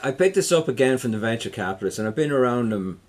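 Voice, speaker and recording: A middle-aged Irish man, a tech entrepreneur, chatting in an interview, rambling with many restarts and trailing off quietly. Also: medium pitch, animated, racing. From Ireland. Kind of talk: casual interview chat.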